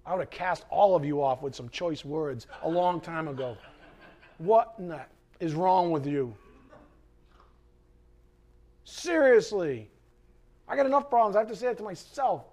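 A man's voice: high-pitched, animated, measured pace, long pauses. A man preaching a sermon as pastor, impassioned, with sarcastic asides to the congregation. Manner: impassioned, swings from quiet to loud.

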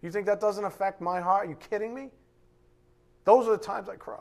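Fiery preaching man, slightly high voice. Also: fairly even intonation, brisk, vocal fry. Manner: fiery, emphatic preaching, shifting to a quiet hushed prayer. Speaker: pastor. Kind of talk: sermon. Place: church.

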